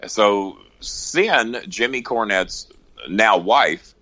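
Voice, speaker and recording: A man's voice: fairly low pitch, extremely slow, no room sound. A man telling wrestling-road stories as a podcast guest, swearing freely and acting out both sides of each exchange. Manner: profane, animated raconteur. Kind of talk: casual storytelling.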